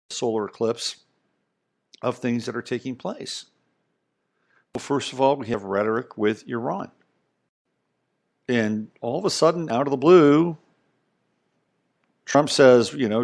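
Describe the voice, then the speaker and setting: A middle-aged man at a mid pitch holds forth as a podcast host. His monologue rambles but lands hard on key points, with asides and questions tossed to the listener. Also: unhurried, vocal fry, pauses often, darkish tone. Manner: rambling, emphatic, conversational, with frequent asides. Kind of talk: casual monologue commentary.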